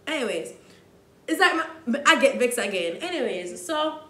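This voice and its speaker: A young Jamaican woman with a Jamaican accent, telling a dramatic storytime, dropping to hushed asides and rising to loud outbursts. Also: a little high, lively intonation, normal speed, reverberant. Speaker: vlogger. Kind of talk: storytime vlog.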